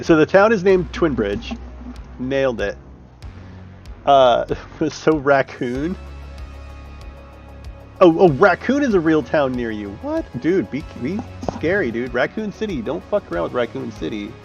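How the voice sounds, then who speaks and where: A man talks through his work in a loose, unhurried way, trailing off into fillers and dropping curse words. His voice comes through slightly muffled. Soft music runs underneath. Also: fairly high pitch. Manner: loose, profane, thinking aloud with fillers. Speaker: map-building streamer. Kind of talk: casual chat while working. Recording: muffled audio with faint music.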